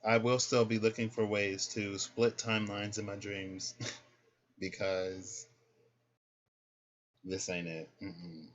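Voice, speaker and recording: A man's voice: fairly low pitch, flat delivery, takes it slowly, long pauses. A man rambling in a casual vlog, hesitant and meandering as he thinks aloud about his dreams and tarot cards. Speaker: tarot vlogger. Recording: dull lo-fi sound with faint noise.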